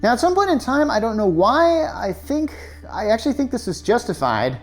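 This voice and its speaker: A woman's voice: on the high side, sing-song, moderate pace. Chatty woman ranting about a film. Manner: chatty, sarcastic, with frequent fillers and rhetorical questions. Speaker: film reviewer. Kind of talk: casual rant-style movie review.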